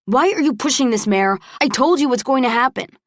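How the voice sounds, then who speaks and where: A woman voicing an anxious, angry young college man with a low, tense delivery in an audiobook. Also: lively intonation, a little fast, dry recording, studio quality.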